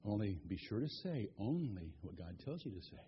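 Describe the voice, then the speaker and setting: A man voicing a calm, firm male angel who speaks quietly. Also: on the low side, fairly quick, in a large hall, lo-fi sound, slight background noise, voice pushed down.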